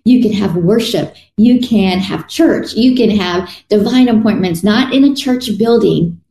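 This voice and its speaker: A woman's voice: medium pitch, unhurried, dark tone. A woman preaching a sermon in an earnest, conversational way, often restarting her sentences. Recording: echoey room.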